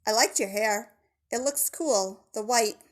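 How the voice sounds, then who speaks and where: A woman's voice: fairly high pitch, unhurried, natural voice. A woman voicing a friendly, bold young girl from an island, speaking up cheerfully.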